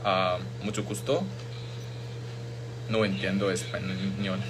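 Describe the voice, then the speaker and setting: A man's voice: sits low, little pitch movement, unhurried, heavy background noise. A man from Mizoram, a singer, chatting casually and playfully as he tries out bits of many languages. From Mizoram, India. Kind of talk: casual chat answering questions.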